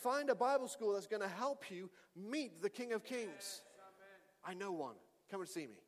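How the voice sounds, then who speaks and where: A male pastor preaching a sermon and telling a story with lively delivery that rises to shouts. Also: sits high, normal speed. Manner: animated storytelling, shouting at climaxes. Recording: long reverb of a hall.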